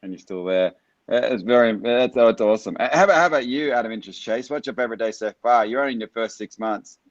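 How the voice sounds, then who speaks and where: A man's voice: medium pitch, fast, dry recording, highs cut off. A man hosting a live stream, upbeat and chatty, reading out viewer questions. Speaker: host.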